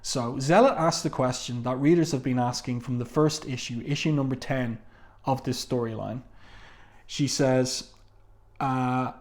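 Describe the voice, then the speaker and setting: A man's voice: medium pitch, fairly even intonation, unhurried, darkish tone. A man talking casually through a comic book review, reading quotes from the panels aloud, with frequent fillers and asides.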